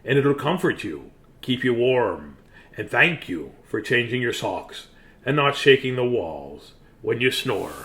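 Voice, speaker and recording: A man hosting a bedtime story video, hoarse, talking in a playful, silly way with pirate growls. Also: medium pitch, a bit bright. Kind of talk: casual bedtime sign-off to viewers.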